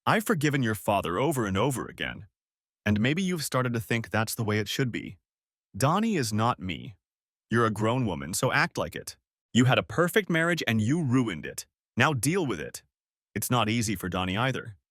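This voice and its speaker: A man's voice: medium pitch, very animated, moderate pace, a bit bright, no room sound, studio quality. A man voicing a stern middle-aged mother who scolds bluntly, in a storybook reading. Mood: scolding.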